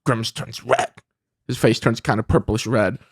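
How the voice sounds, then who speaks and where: A man on a comedy podcast, improvising an absurd story in a rambling, animated way with frequent laughs. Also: medium pitch, moderate pace, vocal fry, husky, dry recording, clean studio sound. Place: podcast studio.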